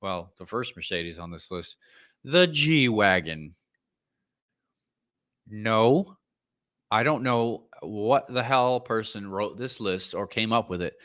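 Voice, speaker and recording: A man hosting a podcast, giving casual, blunt, profane opinions that build into loud rants before half-hearted apologies. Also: fairly low pitch, animated, slow pace, long pauses. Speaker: podcast host. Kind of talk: casual ranting commentary.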